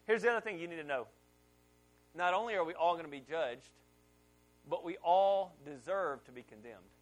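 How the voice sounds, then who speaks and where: A middle-aged pastor with a fairly high voice preaches to his church congregation. He talks like he is telling a story to friends, then gets loud and pushes hard on his key points. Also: animated, moderate pace. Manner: conversational storytelling preacher, rising loud on emphasis. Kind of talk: sermon.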